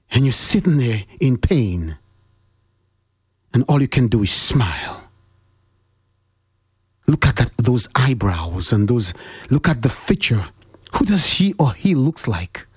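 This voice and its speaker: Husky man giving a preachy monologue. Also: a little mellow, no echo, studio quality. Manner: preachy, repeats questions, swings pitch up for emphasis. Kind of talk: heartfelt motivational monologue.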